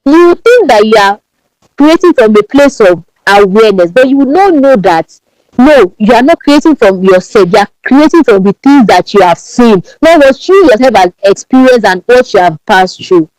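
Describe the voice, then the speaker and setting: A Nigerian woman with a strong Yoruba accent talks as a podcast guest, fairly high and very animated, her pitch leaping up and down. She speaks with emphasis and often repeats words as she goes. The sound is dry, with no room echo. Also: normal speed. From Nigeria, Ibadan. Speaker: podcast guest, branding strategist. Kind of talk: podcast interview.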